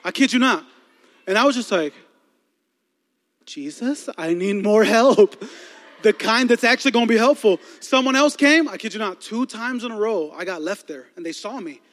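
A man's voice: very high-pitched, brisk. A man, a youth pastor, telling a story with lots of humor and energy during a sermon in a church. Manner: animated, lively storytelling with laughs. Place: large church auditorium. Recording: long reverb of a large hall.

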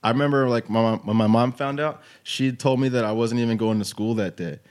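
A man's voice: mid-range voice, fairly quick, darkish tone. Podcast host in his twenties, laid-back storyteller, fills every gap with "like" and "you know". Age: 20s. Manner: loose storytelling, full of "like" and "you know what I'm saying". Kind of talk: casual chat.

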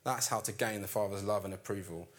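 A man preaching a sermon in an animated storytelling way, acting out the characters' lines. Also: on the low side, quick pace.

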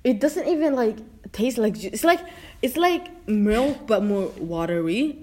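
A woman's voice: fairly high pitch, a little slow. A young woman in casual chat, telling stories and acting out her own reactions. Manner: chatty, animated storyteller who acts out her own reactions.

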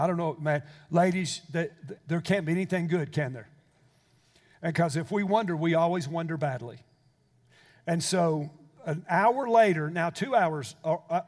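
Older male pastor, high voice, sermon storytelling that builds to fervent preaching, long hall reverb. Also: darkish tone.

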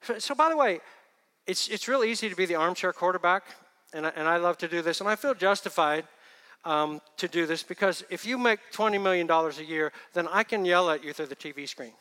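A male pastor preaching a sermon, moving between hushed, quiet asides and loud, emphatic lines. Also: high voice, expressive, a little fast, big-room sound.

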